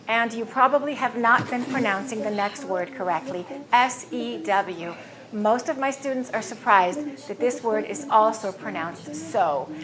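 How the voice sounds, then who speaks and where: A woman teaching English pronunciation, speaking slowly and clearly, saying each word twice. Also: a little high, lively intonation, a crowd in the background. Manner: slow, clear modeling of words, repeating each twice. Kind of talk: pronunciation lesson.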